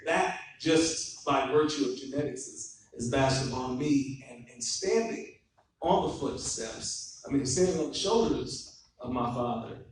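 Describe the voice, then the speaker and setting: A man's voice: mid-range voice, a little slow, slight background noise. Man guest speaker, earnest and reverent public address; big echoey hall, mic at a distance. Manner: earnest, reverent, gives thanks to elders. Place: courthouse event hall.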